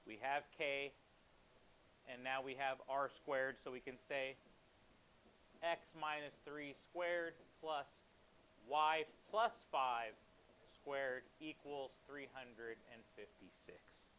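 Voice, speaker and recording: A man teaching a high school math class, quizzing students and joking with them in a classroom. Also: steady tone, slow pace, sharp tone, a little hiss or hum. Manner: instructive, asks students questions.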